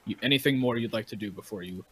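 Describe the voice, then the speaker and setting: A man's voice: fairly low pitch, fast, fairly bright tone, husky, rough recording. A man running a tabletop game as game master, narrating scenes to his players.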